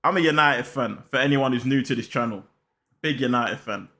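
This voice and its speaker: A young man chats about football in a loose, slang-filled way. He talks straight to his viewers with hype and energy, at an everyday pitch. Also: brisk, sharp tone. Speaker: football channel host. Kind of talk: casual football vlog chat.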